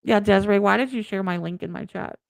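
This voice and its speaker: A woman's voice: medium pitch, fast, creaky, no room sound. A woman host in casual chat, chatty and encouraging, who acts out the conversations she retells. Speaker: streamer and host.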